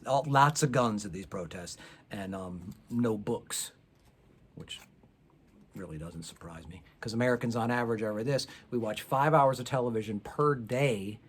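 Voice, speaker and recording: A man's voice: mid-range voice, husky. A middle-aged man doing a profane, sarcastic stand-up set to a camera on his back porch outdoors, with no audience. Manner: sarcastic, ranting, profane, rising to loud outbursts. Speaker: stand-up comedian.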